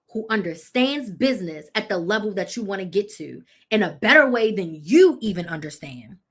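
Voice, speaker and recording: A woman's voice: mid-range voice, slightly rough. A woman in her thirties, a business coach hosting a live chat, telling her own story bluntly and with animation, correcting herself as she goes.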